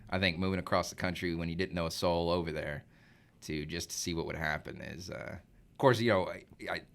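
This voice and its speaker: Man, twenties, deep, gravelly, relaxed rambling chat. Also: brisk. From Arkansas. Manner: relaxed, rambling, laughs often. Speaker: guest. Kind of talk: casual chat.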